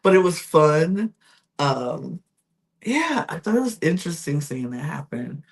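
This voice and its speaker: Chatty woman with a lively, low voice. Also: a little slow, vocal fry, breathy edge. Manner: chatty, full of fillers and self-corrections. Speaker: podcast host. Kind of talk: casual reality TV recap.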